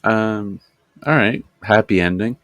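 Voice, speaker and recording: A man's voice: on the low side, slow pace, fairly bright tone, no room sound. A man co-hosting a podcast, chatting casually with short, dry wisecracks. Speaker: podcast co-host. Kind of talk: casual chat.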